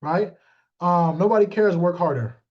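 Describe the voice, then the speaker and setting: A man with a high voice coaches his sales team in a loose motivational talk. He is blunt and jokey, calls out listeners by name and plays out quick back-and-forths. The recording sounds dull and lo-fi.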